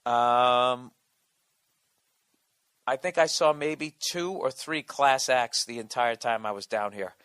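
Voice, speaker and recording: A man's voice: mid-range voice, slow pace, pauses often, a bit bright, clean tone, dry recording. A man, a comedian and podcast host, in a sarcastic, profane, exasperated ranting monologue.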